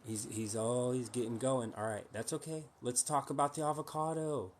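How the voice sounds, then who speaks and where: A man's voice: medium pitch, moderate pace. A man hosting a casual livestream, pushy and teasing, firing rhetorical questions at his viewers. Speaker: livestream host.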